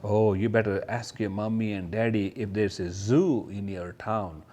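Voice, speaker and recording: A man teaching kindergarten children, talking straight to them about letters and toys in a slow, sing-song way and imitating sounds. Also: lowish voice, fairly even intonation, darkish tone.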